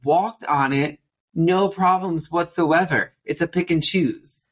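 A woman's voice: on the low side, takes it slowly. A woman co-hosting a podcast in casual chat, talking in a chatty way with wry asides. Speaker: podcast co-host.

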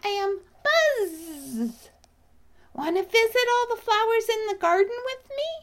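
Woman playing playful storybook bumblebee: small, friendly, giggly, high bouncy voice. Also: expressive, slow pace, fairly bright tone, full character voice. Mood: cheerful.

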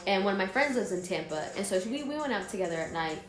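A young woman from Jordan chatting on a podcast, telling stories with lively energy and plenty of swearing. Her voice sits in the middle of her range and rings out in an echoey room, with a little music faint behind her. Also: medium pitch, fast. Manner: animated storyteller, swears freely. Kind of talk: casual chat.

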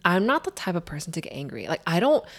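A young woman with a slightly low voice tells a long story in a relaxed, chatty way. She rambles, circling back and packing her sentences with fillers. The talk is loose and unscripted. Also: quick pace. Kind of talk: casual chat.

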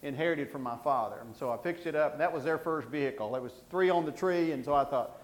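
Pastor guy telling stories from the pulpit, kinda high voice, roomy echo. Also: quick pace. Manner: folksy, rambling, self-deprecating humor. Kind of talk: sermon with personal storytelling.

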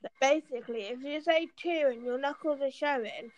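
A woman's voice: high-pitched, normal speed, lo-fi sound. An English woman with a blunt manner who swears freely, chatting casually as co-host. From England. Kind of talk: casual chat.

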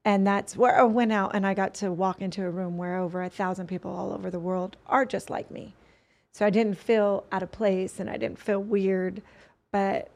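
An adult woman sits in as a podcast guest and tells a personal story in an earnest, winding way. She often breaks off and restarts her sentences. Her voice sits at an ordinary middle pitch. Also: fairly even intonation, moderate pace, vocal fry, darkish tone. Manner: earnest, rambling, with many restarts.

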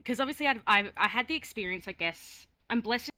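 A woman's voice: fairly high pitch, expressive, fairly quick, bright, forceful tone, no room sound. A woman chatting on a gaming podcast, telling a story earnestly and animatedly. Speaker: roleplay player, podcast guest. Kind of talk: casual podcast chat.

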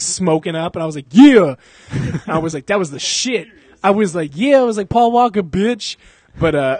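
A man's voice: fairly high pitch, dry recording. A young man on a podcast, casually telling a story in a loose, profane way and laughing often. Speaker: podcast co-host. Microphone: podcast microphone.

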